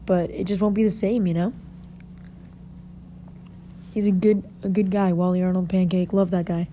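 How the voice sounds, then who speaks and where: Young woman chatting to her listeners, kinda low mellow voice, bit of hiss behind. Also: little pitch movement, normal speed. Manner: chatty, dramatic storytelling. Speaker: podcaster. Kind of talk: casual chat.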